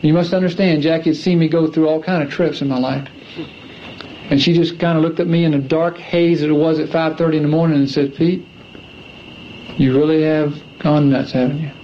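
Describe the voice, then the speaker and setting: A man's voice: a little high, fairly even intonation, fast talker, slight background noise. A man in his thirties giving an earnest personal testimony, a former athlete repeating phrases for emphasis. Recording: dull lo-fi archive recording.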